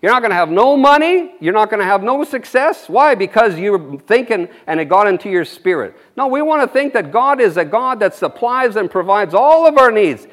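A man's voice: high voice, sing-song, moderate pace, few pauses, a bit bright. A man preaching an informal sermon, rambling and folksy, with frequent amens and chuckles.

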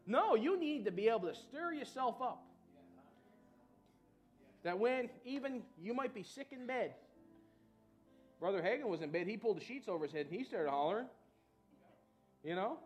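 A male pastor preaching an energetic sermon in a church, calling out to the congregation and breaking into loud whoops. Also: high voice, a little fast, pauses often, soft background music. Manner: shouts of woo, call and response.

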